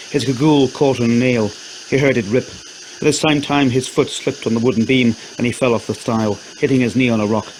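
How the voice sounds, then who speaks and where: Guy reading a spooky story, mid pitch, faint hiss behind. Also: rough recording. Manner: steady, measured storytelling. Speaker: narrator. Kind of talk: scripted horror story narration.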